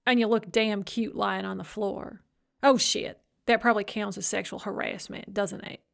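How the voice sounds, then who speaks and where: A woman voicing a blunt, caring female friend who talks in a brisk, gruff, clipped way. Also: mid-range voice, steady tone, close to an everyday voice.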